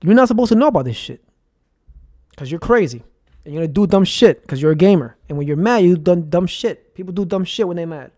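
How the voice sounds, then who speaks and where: A man's voice: sits high, expressive, fast, warm tone, dry recording, studio quality. A young man from New York ranting in a rambling, profane, heated monologue to his viewers. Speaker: vlogger. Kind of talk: casual conspiracy rant.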